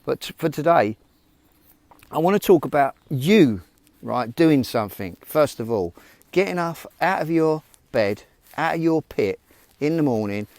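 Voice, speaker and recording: A man's voice: fairly high pitch, animated, measured pace, a little mellow, no echo. A man vlogging a casual motivational talk, rambling and informal as he speaks straight to his viewers. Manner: rambling, informal, frank, addresses viewers directly. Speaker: self-help vlogger.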